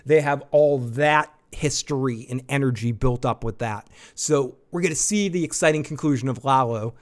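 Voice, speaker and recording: Man, mid-pitched, hosting a live episode breakdown; excited, rambling, restarts a lot, swears casually. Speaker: show host. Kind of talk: live episode review chat.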